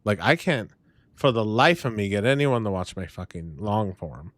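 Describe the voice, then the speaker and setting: A man's voice: on the low side, expressive, normal speed, a bit bright, no echo. A man hosting a casual livestream chat, offhand and laid-back, with some swearing. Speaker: streamer host.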